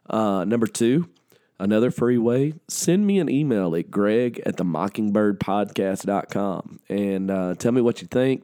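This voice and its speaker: A man hosting a podcast, hoarse and sniffly from a cold, talking slow and low, almost whispering, alone in a small room. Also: mellow, dry recording, clean studio sound. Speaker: podcast host. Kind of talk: podcast announcements.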